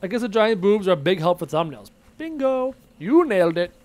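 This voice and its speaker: A man's voice: high voice, big pitch swings, a little fast, a little mellow. A young man live-streaming a game, casually reading chat messages aloud and answering them playfully. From Irish descent.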